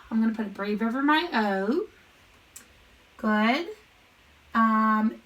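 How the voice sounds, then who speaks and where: A woman teaching a phonics lesson to young children, slowly sounding out words and thinking aloud as she writes on a board. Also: fairly high pitch, a bit bright, poor audio. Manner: slow, patient, sounds out words. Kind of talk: recorded classroom lesson.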